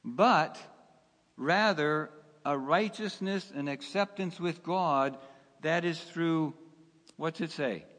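A male pastor preaching a sermon, slow and emphatic, asking his listeners rhetorical questions. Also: a little high, fairly bright tone. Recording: long hall reverb.

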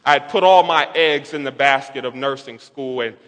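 Young male preacher, lively story-driven sermon, crisp bright tone, reverberant hall sound. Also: mid-range voice, normal speed. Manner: animated, quotes others in softened voices.

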